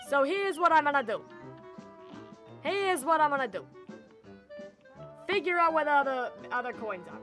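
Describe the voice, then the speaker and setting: A woman's voice: sits high, animated, moderate pace, long pauses, sharp tone, soft background music. A woman streaming live gameplay, ranting theatrically and in mock exasperation to her chat.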